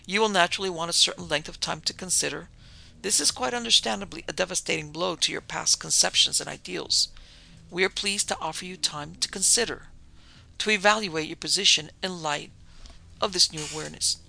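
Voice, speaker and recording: A suave older doctor who heads a secret order, coaxing and coolly in control, read by a man. His voice is deeply gravelly with a sharp, tense edge and sits a little high for a man. It suits a storybook villain. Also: fairly quick, exaggerated voice, rough recording. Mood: persuasive. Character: smooth, domineering older male doctor leading a secret order.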